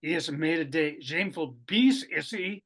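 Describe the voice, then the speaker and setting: A man's voice: fairly high pitch, normal speed, fairly bright tone. A man putting on a Russian storyteller. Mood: animated storytelling. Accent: put-on Russian. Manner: broken English, questioning asides. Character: excitable Russian man recounting revolution.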